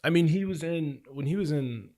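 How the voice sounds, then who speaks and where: A young man co-hosting a podcast in casual chat, earnest and agreeable, who often answers with a quick yeah. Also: on the high side, mellow. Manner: agreeable, frequent yeahs, earnest. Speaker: podcast co-host.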